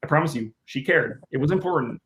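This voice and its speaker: A man with a somewhat high voice tells an anecdote on a casual podcast. He is animated and jokey and slips into acted-out quotes as he goes. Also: fast, a little hiss or hum. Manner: animated, joking storyteller who acts out quotes.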